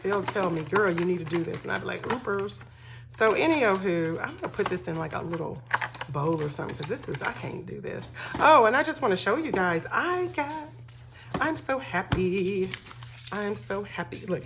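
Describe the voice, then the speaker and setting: A woman's voice: on the low side, creaky, slight background noise. A middle-aged woman hosting a budgeting vlog, chatting casually with her viewers while counting cash. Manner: chatty, relaxed, talks to viewers as y'all. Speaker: budgeting vlogger host.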